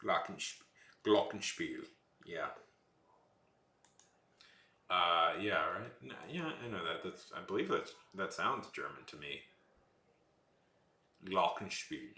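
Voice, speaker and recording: Rambly jokey streamer guy, lowish voice, echoey room. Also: lively intonation, slow, pauses often, pushed and bright. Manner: rambling, playful joking with chat. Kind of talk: casual livestream chat.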